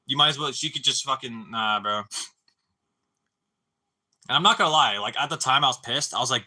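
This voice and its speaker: A man's voice: mid-range voice, lively intonation, brisk, pauses often, bright, forceful tone, slightly rough. A young man telling a long story on a live stream, rambling and swearing, with stammering restarts and constant "dude" and "bro.".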